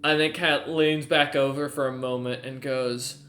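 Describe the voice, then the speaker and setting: Halting bright-voiced man running a game. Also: medium pitch, steady tone, reverberant. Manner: halting, full of ums and uhs. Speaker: game master. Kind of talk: narrating a tabletop game.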